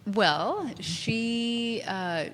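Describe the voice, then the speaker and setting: A woman's voice: on the high side, animated, very slow, a bit bright, big-room sound, slight background noise. A woman in her forties from Minnesota, a cheerful talk-show guest who laughs often. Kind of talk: casual interview. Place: studio.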